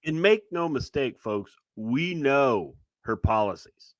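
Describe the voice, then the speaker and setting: A man's voice: medium pitch, lively intonation, slow, no echo, studio quality. Blunt chuckling male co-host. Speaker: podcast co-host. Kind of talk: casual chat.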